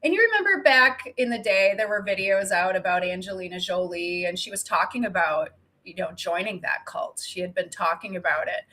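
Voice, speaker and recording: Bright-voiced chatty woman. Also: medium pitch, a little fast. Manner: chatty, animated, swearing, laughs often. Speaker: co-host. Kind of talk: casual chat.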